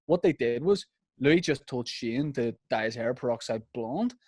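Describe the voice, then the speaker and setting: A man's voice: mid-range voice, moderate pace, slightly rough, no echo, clean studio sound. Man telling a comic story. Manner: animated, slips into mimicking voices mid-story. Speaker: podcast co-host. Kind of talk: casual comedic storytelling.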